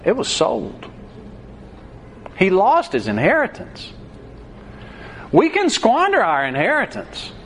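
Animated man preaching a sermon. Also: high voice, slow pace, pauses often, slight background noise. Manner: animated storytelling, acting out the scripture.

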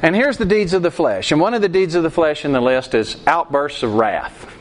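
A man's voice: fairly high pitch, animated, fairly quick. A man preaching a sermon, quizzing the congregation with questions and acting out quoted outbursts. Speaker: pastor. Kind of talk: interactive sermon.

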